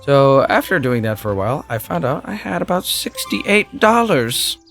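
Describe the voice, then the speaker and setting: A young man co-hosting a casual gameplay chat, talking in an animated way and swearing freely. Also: medium pitch, moderate pace, vocal fry, faint music behind. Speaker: gaming co-host.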